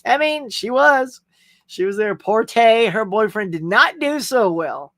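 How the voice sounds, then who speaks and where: A middle-aged Southern US man reads comments on his live stream, chatting casually, laughing plenty, and welcoming viewers by name. The high, animated voice has a sharp tone and measured pace, in a dry, studio-quality recording.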